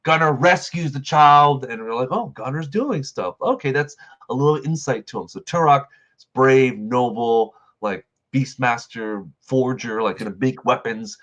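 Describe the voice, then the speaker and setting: A man's voice: medium pitch, moderate pace, fairly bright tone. A man hosting a review show, rambling through a casual film recap full of "like" fillers. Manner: rambling, filler-heavy retelling with lots of "like". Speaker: movie review show host.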